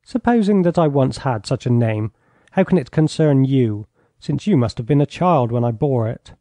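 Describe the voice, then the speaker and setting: A man reading an audiobook, voicing a coarse, drunken older baron with a gruff, blustering manner. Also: mid-range voice, expressive, normal speed, warm tone, no room sound, natural voice.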